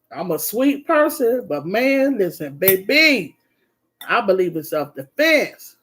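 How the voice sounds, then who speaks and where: A woman chatting casually on a live stream, shifting between bright greetings and quiet murmurs. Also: fairly low pitch.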